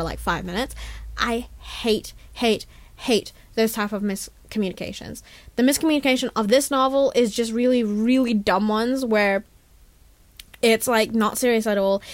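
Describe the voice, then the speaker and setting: A woman's voice: on the high side, dry recording. A young woman hosting a radio show, chatting casually and animatedly about a book, with lots of "like" and "you know". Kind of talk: casual book review chat. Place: radio studio.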